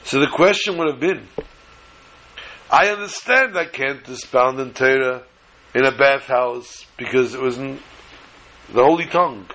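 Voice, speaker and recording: A man's voice: medium pitch, unhurried, pauses often, sharp tone, poor audio. A man giving an earnest Torah lecture, mixing in Hebrew and Yiddish terms and telling a story.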